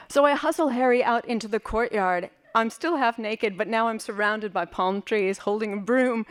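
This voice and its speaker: A woman from West Berlin performing a personal story live, in an animated, vivid and playful way. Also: fairly high pitch, normal speed, few pauses, smooth. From West Berlin, Germany.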